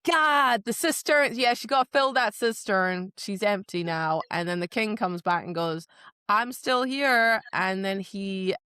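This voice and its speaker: A woman co-hosting a casual book podcast, talking fast and breaking into quick voices for the characters. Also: medium pitch, clear, resonant tone, no room sound, studio quality. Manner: animated, acts out characters in quick impressions. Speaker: podcast co-host.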